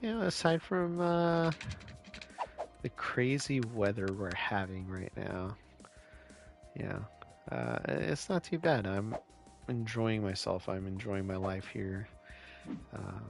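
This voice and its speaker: A man's voice: on the low side, animated, takes it slowly, gravelly, long pauses, soft background music. A man from California chatting casually with viewers while he plays a city-building game on a live stream. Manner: laid-back, chatty, answers chat questions.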